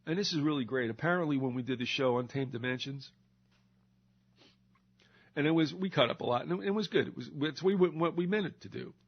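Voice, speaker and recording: A man's voice: medium pitch, brisk, vocal fry. Older man ranting sarcastically, lo-fi. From United States. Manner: sarcastic, ranting, mocking impressions. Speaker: radio show host. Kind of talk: ranting monologue. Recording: slightly dull lo-fi recording.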